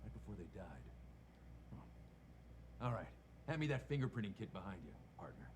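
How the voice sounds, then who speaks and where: An actor playing a gruff, cocky hard-boiled detective with a blunt, sarcastic drawl, from a comedic mystery film. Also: male voice, lowish voice, big pitch swings, moderate pace, a little mellow. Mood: wry. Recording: noisy film audio.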